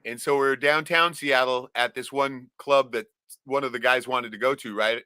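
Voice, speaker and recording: A man's voice: medium pitch, steady tone, moderate pace, bright, forceful tone, clear, resonant tone, no room sound. A man from Alaska hosting a livestream, telling a rambling, profane story in casual chat and tagging "right?" onto his sentences. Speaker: livestream host.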